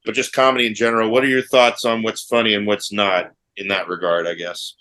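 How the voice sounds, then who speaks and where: Middle-aged guy rambling in casual chat, kinda low voice, lots of restarts. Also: little pitch movement, brisk, pushed and bright. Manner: rambling, many restarts, wry. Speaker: podcast co-host. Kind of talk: casual chat among old friends.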